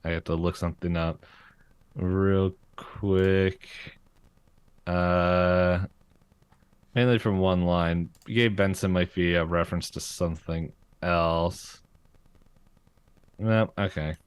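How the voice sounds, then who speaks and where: A man's voice: low voice, fairly even intonation, takes it slowly, long pauses, smooth. A man co-hosting a podcast, recapping a cartoon episode in casual chat, rambling with lots of fillers and little laughs. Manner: rambling, full of fillers and giggles. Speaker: podcast co-host.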